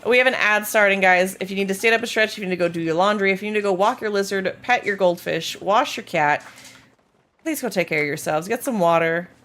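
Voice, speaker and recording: A woman's voice: medium pitch, quick pace, a bit bright. A woman game streamer in casual live-stream chat, bubbly and playful as she talks to her viewers.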